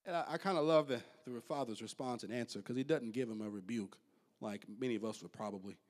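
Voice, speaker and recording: A man preaching a sermon as pastor, swinging between loud high bursts and quiet, low asides. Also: quick pace.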